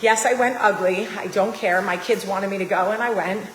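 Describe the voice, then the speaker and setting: A woman's voice: medium pitch, fairly even intonation, moderate pace, a little hiss or hum. A woman in her forties from New Jersey, telling a personal story straight to her viewers in a confiding, emphatic way. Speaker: vlogger. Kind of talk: casual storytelling to camera. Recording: roomy echo with long reverb.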